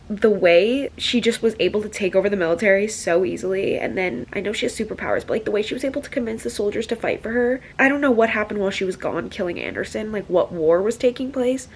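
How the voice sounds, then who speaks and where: A young woman in her twenties reading a novel aloud and reacting excitedly, swearing and gushing as she goes. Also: medium pitch, fairly quick, few pauses, a little hiss or hum. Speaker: book vlogger. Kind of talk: casual reading vlog.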